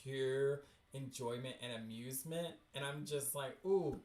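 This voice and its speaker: A man hosting a livestream where he reads webcomics aloud, reacting in an excitable, chatty way. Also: medium pitch, measured pace. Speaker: host. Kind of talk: livestream dramatic reading of webcomics. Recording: roomy echo.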